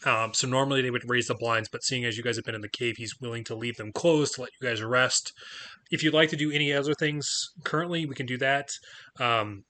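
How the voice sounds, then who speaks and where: Bright-voiced man running a tabletop game. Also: medium pitch, fairly quick. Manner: loose, filler-heavy talk with frequent laughs. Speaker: game master. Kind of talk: casual chat and game narration.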